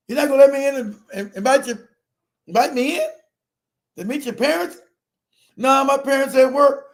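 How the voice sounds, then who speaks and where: A middle-aged man with a strikingly high voice tells a personal story in a loose, conversational way. He is animated and profane, laughing often and acting out every quote. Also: fairly quick, pauses often. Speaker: streamer telling a personal story. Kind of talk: casual storytelling.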